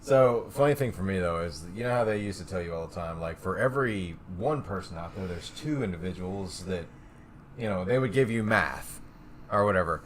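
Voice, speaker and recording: A man's voice: sits low, lively intonation, brisk, slight background noise. A man co-hosting a podcast, rambling and musing in casual chat. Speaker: podcast co-host.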